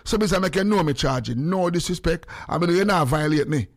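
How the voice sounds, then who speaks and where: A Jamaican man chatting casually in patois to viewers on a phone live stream, swinging between a high voice and a low one. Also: lively intonation, brisk.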